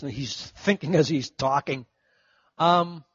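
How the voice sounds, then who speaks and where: A middle-aged man preaching a sermon, telling stories and acting out the voices of the people in them, swinging from loud to hushed. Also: a little high, measured pace, breathy edge, dry recording, lo-fi sound. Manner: storytelling, acts out quoted voices, big swings from loud to hushed. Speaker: pastor.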